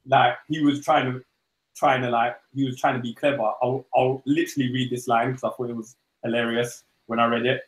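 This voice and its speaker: A man's voice: mid-range voice, little pitch movement, fairly quick, roomy sound. A man co-hosting a comic book podcast, rambling casually and acting out dialogue in goofy voices. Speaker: podcast co-host.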